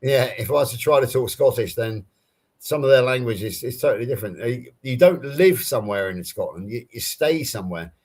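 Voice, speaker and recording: A man's voice: medium pitch, lively intonation, fairly quick, a little mellow. Chatty Southern English man. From England. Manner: chatty, explains with personal anecdotes. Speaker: live stream panelist. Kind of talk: casual chat.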